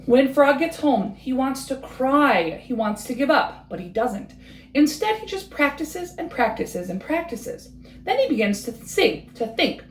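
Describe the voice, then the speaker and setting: A woman reading a bedtime story aloud with a rhythmic, expressive delivery. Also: high-pitched, unhurried, roomy sound, a little hiss or hum.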